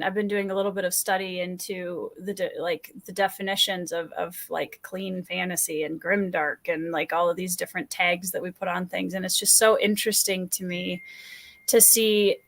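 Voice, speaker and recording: A woman's voice: medium pitch, a bit bright. A woman hosting an unscripted writers' panel, speaking thoughtfully with frequent restarts and easy laughter. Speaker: host.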